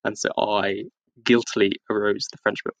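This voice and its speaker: A man's voice: fairly low pitch, flat delivery, normal speed, fairly bright tone, no room sound, poor audio. A man co-hosting a podcast, telling rambling school anecdotes with frequent giggles. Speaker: podcast co-host. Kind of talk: casual chat.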